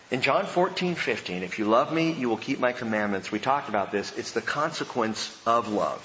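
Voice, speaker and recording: A man's voice: medium pitch, a bit bright, a little hiss or hum. A male pastor preaching a sermon in a church, conversational and emphatic, with casual asides to the congregation. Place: church sanctuary. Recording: echoey hall, dull lo-fi sound.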